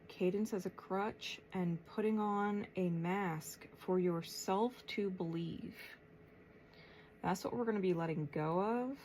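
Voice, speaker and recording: Slow, soft-spoken woman tarot reader. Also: medium pitch, slight background noise. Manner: pauses often, thinks aloud, soft and unhurried. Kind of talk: slow, reflective spiritual channeling.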